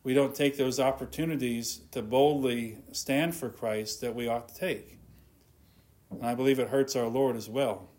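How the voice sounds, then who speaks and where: A man preaching a sermon in an earnest tone, his voice dropping softly at the ends of phrases. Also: medium pitch, steady tone, normal speed. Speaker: pastor.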